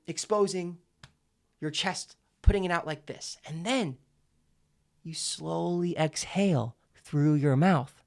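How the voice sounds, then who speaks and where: A man teaching public speaking in an instructional video, emphatic and clearly enunciated, demonstrating exercises as he explains them. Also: high voice.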